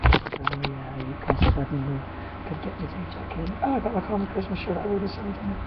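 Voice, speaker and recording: A woman dog trainer chatting casually in a vlog, retelling a dispute in an animated, rambling way with frequent laughs. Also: on the low side, fast talker. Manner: animated storytelling, laughs often. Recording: dull lo-fi with faint noise.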